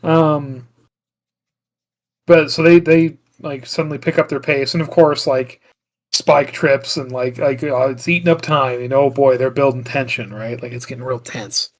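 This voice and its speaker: This podcast co-host talks casually about a film, giving a rambling plot rundown laced with "like" fillers, other filler words and restarts. His voice is mid-range, his tone steady, his pace measured.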